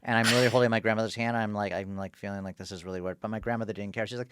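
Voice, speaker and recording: Podcast guest, male, rapid chatty storyteller, lowish voice, dry close sound. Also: fairly even intonation, fairly bright tone, smooth, no echo. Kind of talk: casual chat.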